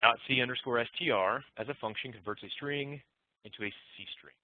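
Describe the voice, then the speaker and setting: A man teaching programming in a recorded lecture, relaxed and thinking aloud as he walks through code. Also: mid-range voice, fairly quick, dry recording. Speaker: programming instructor. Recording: muffled phone-like dry audio.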